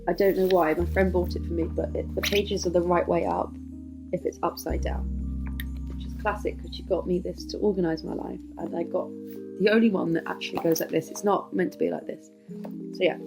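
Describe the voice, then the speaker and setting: A young woman from Northern Ireland and Kent, chatting casually to camera in a rambling way and swearing freely. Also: fairly low pitch. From born in Northern Ireland, grew up in Kent, England. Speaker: vlogger.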